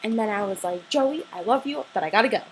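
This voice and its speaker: A teenage girl telling an excited story to her camera, gushing and breathless, full of "like" fillers. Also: mid-range voice, quick pace, slight background noise, rough recording. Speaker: vlogger.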